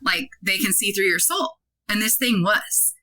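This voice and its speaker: A woman in her thirties, a podcast guest, telling a story in a casual, animated way, full of "like" and acted-out dialogue. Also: mid-range voice, normal speed, poor audio. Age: 30s. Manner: animated, many "like" fillers, acts out quoted dialogue.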